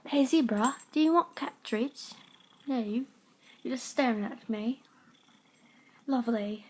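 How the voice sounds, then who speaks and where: A woman's voice: fairly high pitch, slow, darkish tone. A young woman putting on a British accent, talking in sing-song baby talk to her cat. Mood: teasing. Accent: British, put on. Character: cheery high-pitched woman with a put-on British accent.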